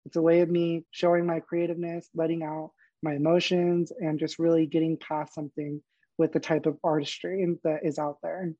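A man's voice: fairly high pitch, moderate pace, dry recording, lo-fi sound. A young man, a podcast guest, telling personal stories candidly, laughing often and acting out the dialogue. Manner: animated, laughs often, acts out quoted dialogue. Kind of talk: candid storytelling interview.

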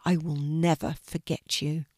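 A woman's voice: low-pitched, level tone, unhurried, a little mellow, no echo, clean studio sound. A woman doing a sweet, wide-eyed little girl. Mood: delighted. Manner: eager, wide-eyed and breathless.

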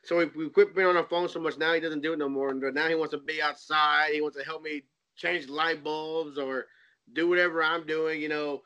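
High, bright-voiced laughing man. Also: brisk, dull audio. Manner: animated, laughing storyteller. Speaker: co-host. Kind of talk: casual podcast chat.

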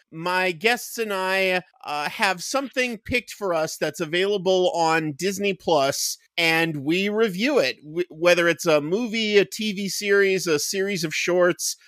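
A man speaking as a guest on a podcast in casual chat, with dry, deadpan jokes. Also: sits high, measured pace, hardly any pauses, no room sound.

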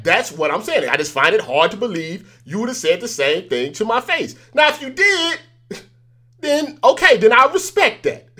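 Speaking straight to his audience, a male news commentary host delivers casual on-camera remarks emphatically and repetitively, with chuckles between points. His voice is high-pitched, bright, forceful, and husky.

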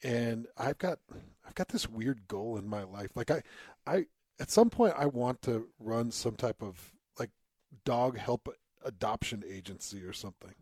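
A man's voice: medium pitch, animated, a little slow, darkish tone, no echo. A man talks in an easy, chatty way on a dry, close mic. He is eager and laughs often as he chats with his co-hosts. His voice sits in an ordinary middle range. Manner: enthusiastic dog lover, chatty, laughs often. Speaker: radio co-host. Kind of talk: casual chat.

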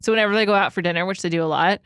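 A woman's voice: medium pitch, very fast, a bit bright, smooth, no room sound. A woman from the US East Coast co-hosting a food podcast, talking candidly with dry, teasing humor. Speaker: podcast co-host. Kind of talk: casual food podcast chat.

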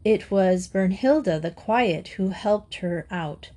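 A woman reading a classic children's novel aloud in measured, steady narration. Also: mid-range voice. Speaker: audiobook reader. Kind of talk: scripted narration.

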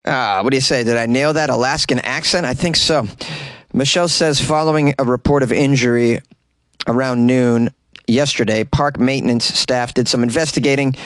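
Speaking at a moderate pace with a medium-pitched voice, a man hosts a comedy news podcast from a small closet with no room sound. Weird stories get his sarcastic, animated treatment, complete with mocking voices.

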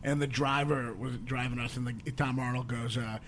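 A man's voice: medium pitch, fairly even intonation, moderate pace, slight background noise. A man, a stand-up comedian, telling a rambling story in casual podcast chat and acting out the people in it. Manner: rambling storyteller, acts out voices loudly in quotes.

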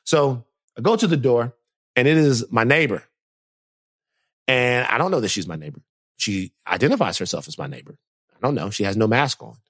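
A man in casual podcast chat, telling a story with lively acted-out quotes. His voice sits at an ordinary pitch and sounds dry and close, with no room around it. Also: moderate pace, long pauses, no room sound. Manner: animated storyteller, acts out quotes. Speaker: podcast co-host.

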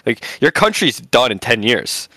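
A man's voice: medium pitch, moderate pace, dry recording. A man co-hosting a casual podcast, ranting loosely and swearing often. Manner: profane, animated ranting. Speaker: podcast co-host. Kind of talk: casual banter.

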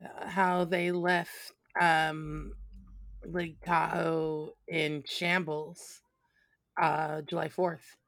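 A woman co-hosting a podcast in casual chat, relaxed, with dry remarks. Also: sits low, extremely slow, no echo.

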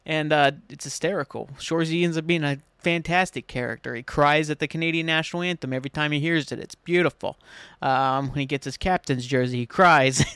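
An American man hosting his own solo podcast, rambling excitedly and swearing freely as he chats. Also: fairly high pitch, a little fast, smooth, no echo. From United States. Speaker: podcast host. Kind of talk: casual solo podcast chat.

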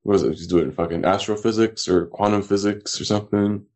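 A man co-hosting a podcast, chatting casually with quick teasing retorts and frequent laughter. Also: lowish voice, fairly even intonation, a little mellow. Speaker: podcast co-host. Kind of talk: casual joking chat.

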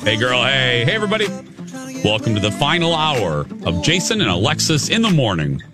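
A man's voice: medium pitch, wildly swooping pitch, fairly quick, over music. A man co-hosting a morning radio show, sounding like he has something in his mouth while getting over bronchitis, chatting in a rambling way. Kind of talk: casual radio banter. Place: radio studio.

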